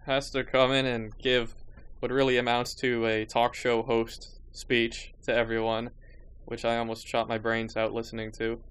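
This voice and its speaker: A man's voice: medium pitch, monotone, moderate pace, a bit bright, smooth. A man hosting a podcast in casual chat, with wry, sarcastic remarks and laughing asides. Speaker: podcast host.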